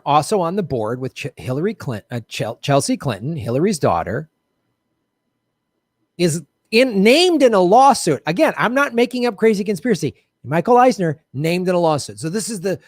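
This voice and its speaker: A man's voice: a little high, dry recording, studio quality. A man hosting an online political commentary show, talking bluntly and sarcastically and swearing often. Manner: sarcastic and animated.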